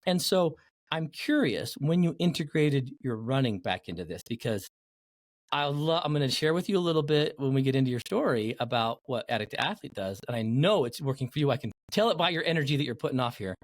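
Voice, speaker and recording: A man hosting a podcast interview, an animated storyteller who acts out the people he quotes. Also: mid-range voice, fairly quick, no echo, clean studio sound. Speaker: podcast host.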